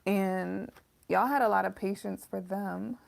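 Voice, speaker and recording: Woman, tarot reader, heavy vocal fry, casual, emotional, mid pitch. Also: fairly even intonation, unhurried. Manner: emotional, talks straight to viewers as "y'all", swears.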